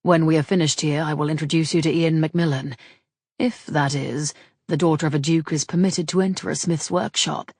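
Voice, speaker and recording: A woman reading the lines of a grave, teasing male rogue in a measured, dry manner. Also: deep voice, fairly even intonation, a little mellow, breathy edge, dry recording.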